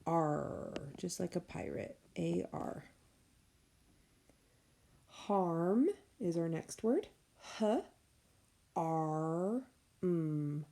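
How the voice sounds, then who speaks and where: A woman teacher giving a recorded phonics lesson for children, slowly sounding out letters and words. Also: fairly low pitch, gravelly, mellow. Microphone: tablet microphone.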